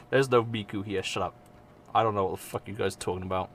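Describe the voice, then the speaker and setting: A man's voice: on the low side, huge pitch swings, unhurried, long pauses, fairly bright tone, a little hiss or hum. A young man with an English accent streams casually, rambling, swearing often and mocking himself. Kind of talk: casual live-stream chat.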